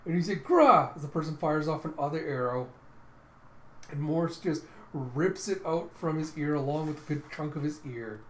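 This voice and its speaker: A man casually narrating a comic aloud in an animated way, describing panels and mouthing sound effects. The voice sits in a slightly echoey room. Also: fairly high pitch, moderate pace, slight background noise. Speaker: comic readthrough host.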